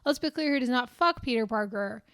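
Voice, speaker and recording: A woman's voice: on the high side, animated, a little fast, a bit bright, clean tone, no echo. A young woman in her twenties co-hosting a podcast in casual, giggly, teasing chat with lots of swearing. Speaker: podcast co-host.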